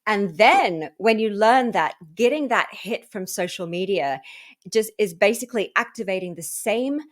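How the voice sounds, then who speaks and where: A woman hosting a wellness podcast in a casual conversational way, acting out her own inner thoughts with lively emphasis. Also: mid-range voice, moderate pace. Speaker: podcast host.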